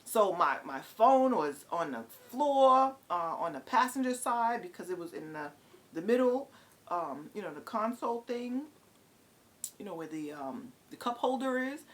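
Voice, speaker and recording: A middle-aged woman from New City, telling a story in an exasperated, halting vlog rant. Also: mid-range voice. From New York City. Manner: animated, exasperated, halting with many fillers. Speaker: vlogger.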